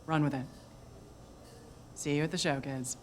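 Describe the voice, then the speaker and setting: A woman's voice: deep voice, fairly even intonation, moderate pace, a little hiss or hum, natural voice. An actress voicing a blunt, no-nonsense female dinosaur who runs a stage, speaking curtly and dryly. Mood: gruff. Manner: curt, dry, no-nonsense. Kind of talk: video game voice acting.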